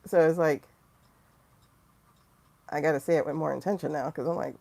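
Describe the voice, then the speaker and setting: A woman hosting a livestream in casual talk, blunt and animated, laughing often. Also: low-pitched, normal speed, vocal fry, pauses often. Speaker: livestream host.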